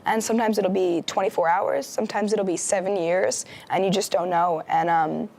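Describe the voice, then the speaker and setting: A woman's voice: mid-range voice, steady tone, moderate pace, a little mellow. A young woman co-hosting a campus TV show, chatting casually about shows and retelling plots with lots of fillers. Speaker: guest co-host. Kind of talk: casual pop-culture chat. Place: campus TV studio.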